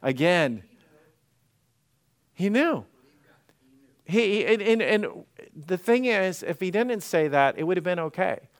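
A man's voice: sits high, animated, takes it slowly, long pauses, clean tone. A male pastor preaching an interactive sermon, acting out Bible scenes and putting questions to the congregation.

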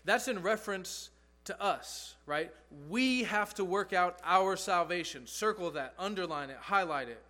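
A man's voice: sits high, expressive, measured pace, bright, forceful tone. A man pastor preaching a sermon, earnest and emphatic, repeating key phrases for stress.

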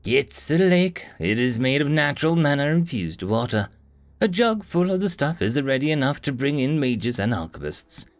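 A man's voice: very animated, normal speed, lightly acted. A man voicing a haughty, dramatic young female mage in an audiobook reading, his voice raised well above his own. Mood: excited. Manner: dismissive, theatrical, high-pitched squeals.

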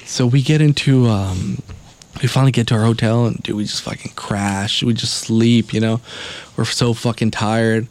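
A man tells a rambling travel story in a relaxed podcast chat. He curses in nearly every sentence and acts out the lines people said. His voice sits at an ordinary middle pitch for a man. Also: normal speed. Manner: rambling, heavy swearing, acts out quotes.

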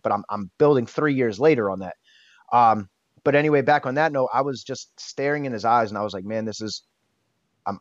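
A man in his thirties with a medium-pitched voice is a podcast guest sharing a personal story. He's candid, emotional and blunt, swears casually and restarts often, recorded in dull, dry, lo-fi sound.

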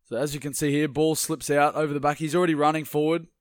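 A man's voice: a little high, level tone, quick pace, dry recording, studio quality. A young man co-hosting a casual sports chat, rambling with many restarts and laughs. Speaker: co-host.

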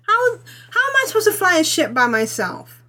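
A woman co-hosting a gaming podcast, talking in an animated, insistent, self-mocking way. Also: extremely high pitch, normal speed. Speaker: podcast co-host. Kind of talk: casual gaming podcast chat.

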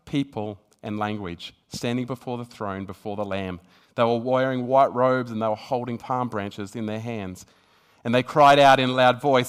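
A man's voice: mid-range voice, moderate pace, clear, resonant tone. Earnest man preaching a sermon. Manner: earnest, building to emphatic peaks, with frequent restarts; reads scripture aloud within the talk.

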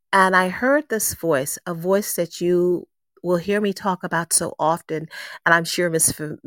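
Low-voiced woman giving an earnest testimony. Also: fairly bright tone, no room sound, studio quality. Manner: earnest, emotional storytelling with emphatic repetition. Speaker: guest sharing a faith testimony. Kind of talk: personal testimony.

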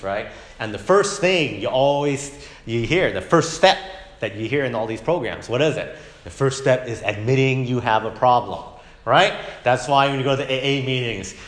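A man teaches a Bible lesson to his class in a casual, lively way. He keeps checking in with "right?" and acts out the lines he quotes. His voice echoes around the room. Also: mid-range voice. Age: adult, parent of young kids. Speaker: Sunday school teacher. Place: church classroom.

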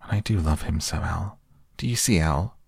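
Man reading eager small boy, husky gravel, pitched up. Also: moderate pace, dry recording, clean studio sound, exaggerated voice.

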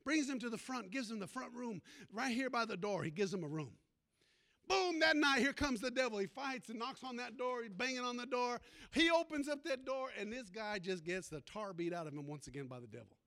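High, bright-voiced storytelling pastor. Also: male voice, expressive, brisk. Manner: storytelling preacher with call-and-response. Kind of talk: sermon.

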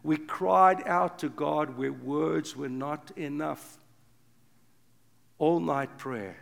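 An older man preaching an impassioned sermon, swinging from loud urgent bursts to hushed low passages. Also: very slow, creaky. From South Africa. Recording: long reverb of a big hall.

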